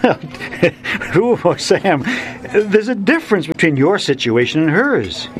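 An actor playing a kindly, patient mentor to children in a radio drama, gentle and given to chuckling. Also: male voice, sits high, big pitch swings, a little slow. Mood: reassuring. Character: kindly older shopkeeper mentor, gently teasing.

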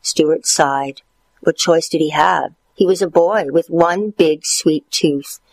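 A man narrating a storybook in a playful, expressive way, lifting his voice for the characters. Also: slow pace, no room sound, rough recording. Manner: playful, expressive, jumps higher for character quotes.

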